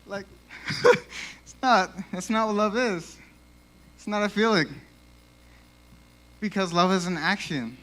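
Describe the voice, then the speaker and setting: Young guy preaching at youth service, kinda high voice, says like a lot, a little out of breath. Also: unhurried, long pauses. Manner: casual, animated, lots of 'like'. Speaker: youth speaker. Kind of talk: youth sermon. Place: church.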